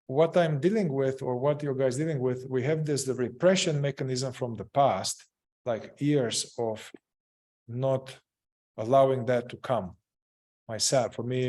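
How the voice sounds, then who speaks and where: A man speaks at a middling pitch, leading a group through a gentle inquiry practice. He talks in a halting way, pausing often with fillers and starting sentences over. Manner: hesitant, many fillers and restarts. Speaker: group facilitator. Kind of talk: guiding a group in therapeutic inquiry.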